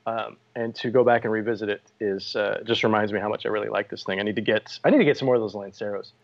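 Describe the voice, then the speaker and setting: A man's voice: fairly low pitch, steady tone, quick pace, gravelly, muffled recording. A man co-hosting a podcast in casual chat, joking and telling stories. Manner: jokey, storytelling, laughs often. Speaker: podcast co-host.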